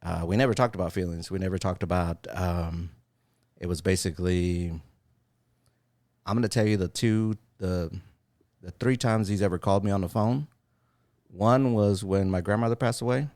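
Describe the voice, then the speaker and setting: A man's voice: low-pitched, moderate pace, no room sound, clean studio sound. A man in his forties co-hosting a podcast, chatting casually and acting out voices as he tells family stories. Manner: animated storyteller who acts out quoted voices. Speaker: podcast co-host. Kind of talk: casual chat.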